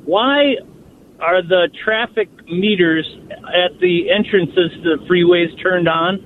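A man's voice: high voice, big pitch swings, slow pace, phone-quality sound, a little hiss or hum. A male caller on a radio show, puzzled and asking a question, calling from a car. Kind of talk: phone call to a radio show.

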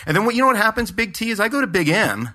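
A man's voice: high voice, sing-song, rapid-fire, bright, forceful tone. A man, a pastor and podcast co-host, chatting casually and rambling through a story with lots of fillers and restarts. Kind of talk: casual chat.

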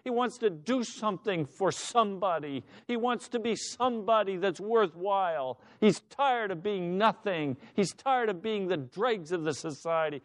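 A male pastor with a high, unhurried voice preaches an impassioned sermon. He acts out the voices of the people in his story, including their shouting.

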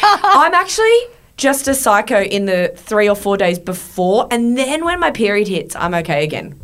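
A woman's voice: mid-range voice, normal speed. A middle-aged woman hosts a casual chat, telling stories with swearing and frequent laughter. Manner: animated storyteller, swears freely, laughs often. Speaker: podcast host.

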